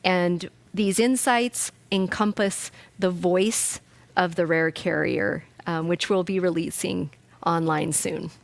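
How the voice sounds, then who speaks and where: A woman's voice: lowish voice, fairly even intonation, takes it slowly, creaky, no echo. A woman hosting a charity awards ceremony, speaking in a heartfelt, emotional way. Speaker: charity event host.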